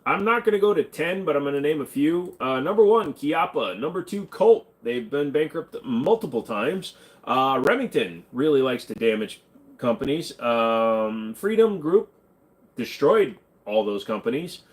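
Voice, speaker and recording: A man's voice: mid-range voice, very animated, unhurried. Blunt, joking man hosting a Q&A. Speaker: channel host. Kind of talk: casual livestream Q&A.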